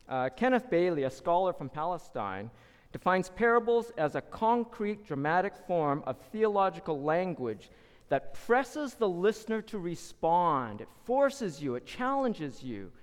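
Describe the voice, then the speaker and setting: A man preaches a sermon and tells the story with dramatic flair, acting out the voices of the people in it. His voice sits high and swings widely in pitch. A long hall reverb trails behind every phrase. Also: big pitch swings, unhurried, smooth.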